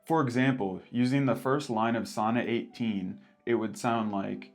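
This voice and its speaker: A man co-hosting a poetry lesson with wry asides, reading verse slowly and deliberately. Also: medium pitch, steady tone, darkish tone, faint music behind. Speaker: co-host. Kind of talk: scripted educational banter.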